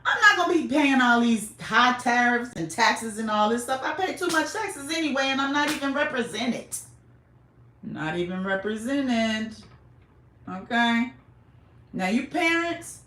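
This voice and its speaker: Fired-up woman podcaster, kinda high voice, hammers the same phrase over and over, echoey room. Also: very animated, unhurried, a bit bright. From United States. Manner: emphatic, repeats phrases for emphasis. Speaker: podcast host. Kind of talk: impassioned monologue. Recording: roomy echo.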